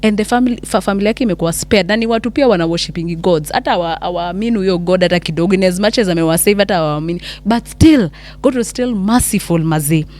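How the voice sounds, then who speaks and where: Kenyan woman storyteller, lower voice, chatty, code-switching retelling. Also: fast talker. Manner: animated, mixes English and Swahili, many restarts. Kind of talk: casual Bible story retelling.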